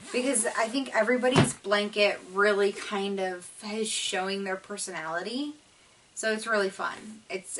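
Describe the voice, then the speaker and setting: A woman's voice: medium pitch, bright, forceful tone, distant mic, rough recording. A woman hosting a knitting video podcast, talking in a chatty, rambling way with lots of fillers. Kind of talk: casual chat.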